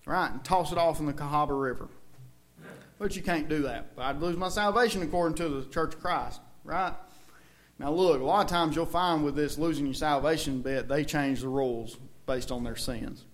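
A man's voice: fairly high pitch, moderate pace. A man with a Southern US accent preaching a sermon in a church, folksy and conversational, with emphatic outbursts.

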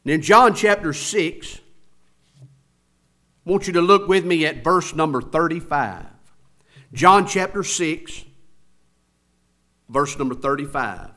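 Guy preaching, emphatic, bright forceful voice, swoops up and down a lot. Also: a little high, animated, slow pace, long pauses. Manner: emphatic, rising and falling preaching cadence. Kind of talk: sermon.

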